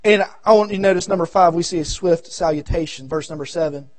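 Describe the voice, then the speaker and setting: A man with a Southern American accent preaching a revival sermon, swinging from shouted appeals to low murmurs and repeating his phrases. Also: fast talker, dry recording. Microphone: audio recording of a church service.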